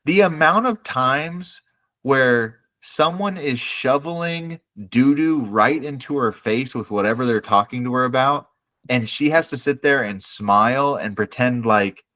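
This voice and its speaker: A man co-hosting a podcast in casual chat, animated, acting out characters' lines. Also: medium pitch, unhurried. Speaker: podcast co-host.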